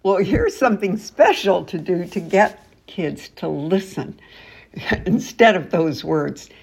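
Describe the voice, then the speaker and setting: A woman giving casual tips on getting children to listen, laughing often and acting out calm teacher phrases. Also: lowish voice, slow, vocal fry, breathy edge. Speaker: early childhood trainer.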